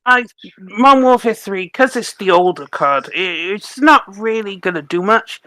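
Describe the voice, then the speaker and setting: A man's voice: sits high, animated, moderate pace, pushed and bright, no echo. A man from Wales with a Welsh accent on a gaming podcast panel, talking with emphatic enthusiasm. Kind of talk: casual panel chat.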